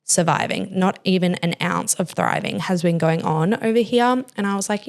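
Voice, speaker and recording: A woman's voice: on the low side, normal speed, few pauses. A young woman hosting a podcast, speaking candidly and emotionally, with many "like" fillers. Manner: emotional, confessional, heavy use of "like". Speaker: podcast host. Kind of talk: candid personal podcast talk.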